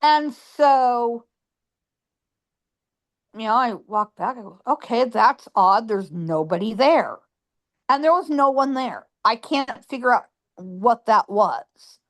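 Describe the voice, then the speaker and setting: A woman guest on a phone, telling a ghost story in a lively way and acting out her own lines. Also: on the high side, takes it slowly.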